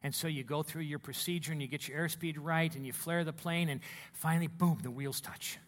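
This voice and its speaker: A man preaching a sermon as a pastor, telling stories with animated swings between hushed and loud delivery. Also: fairly high pitch, brisk.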